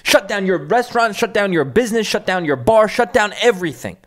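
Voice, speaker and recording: A man with a high, lively voice leads a political commentary show. He talks over news clips in a blunt, scornful way and mocks what he plays. His pitch swings widely as he talks. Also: fairly quick.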